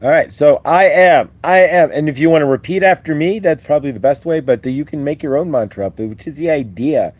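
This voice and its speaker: A man's voice: on the high side, fairly quick, few pauses, darkish tone, no room sound. A man hosting a live-stream spiritual talk, rambling and upbeat as he leads repeat-after-me affirmations. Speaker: host.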